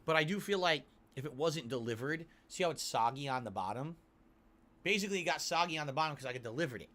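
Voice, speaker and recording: A man reviewing a sandwich on stream while he eats, describing each bite slowly and with relish. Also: a little high, expressive, a bit bright. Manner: savoring, drawn-out descriptions between bites. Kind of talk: food review while eating.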